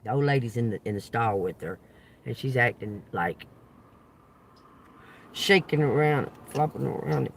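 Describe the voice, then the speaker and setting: A man hosting a live stream, telling a story to viewers in a profane, animated way and acting out the voices. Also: mid-range voice, normal speed, a little hiss or hum. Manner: animated, profane, laughs often, acts out voices.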